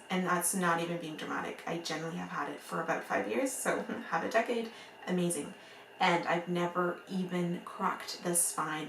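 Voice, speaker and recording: A woman with a noticeable accent chatting to camera about books she bought, excitable and rambling, laughing often. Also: lowish voice, creaky, a little hiss or hum. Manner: rambling, full of "like" and restarts. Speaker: book vlogger. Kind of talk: casual chat to camera. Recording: roomy echo, mic at a distance.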